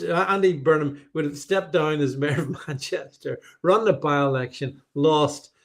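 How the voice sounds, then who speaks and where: Man, show host, opinionated political commentary, emphatic, stumbles over repeated words, fairly high voice. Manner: emphatic, repeats words when worked up, reads viewer comments aloud.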